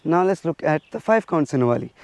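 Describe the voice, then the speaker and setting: A man's voice: a little high, lively intonation, quick pace, darkish tone, no room sound. Man teaching a stick drill, dry sound. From India. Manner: counting strikes aloud while demonstrating. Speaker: martial arts instructor.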